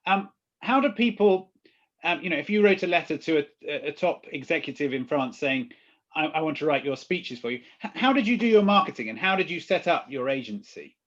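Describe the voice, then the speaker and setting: A British man with a slightly high voice hosts a conversation, feeling his way through his questions with many hesitations. The recording sounds dull and lo-fi. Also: lively intonation, brisk. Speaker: interviewer. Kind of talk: conversational interview. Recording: dull lo-fi audio.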